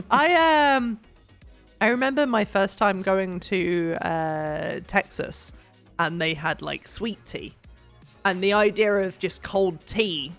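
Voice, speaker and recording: A young English woman chats and rambles casually on a stream while she cleans, giggling a lot. Her voice sits on the low side with a fairly bright tone, and she's bubbly, full of fillers.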